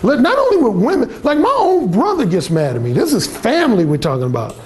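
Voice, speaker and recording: A man's voice: very high-pitched, huge pitch swings, fairly quick, darkish tone, a little hiss or hum. A man who is a dating coach, giving a blunt and profane storytelling talk to a live audience at a seminar.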